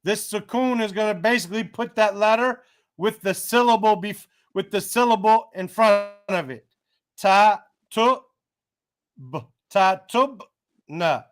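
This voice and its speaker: Male tutor, higher voice, unhurried, patient and encouraging. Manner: patient, encouraging, slow and careful. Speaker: Arabic teacher. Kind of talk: one-on-one tutoring lesson.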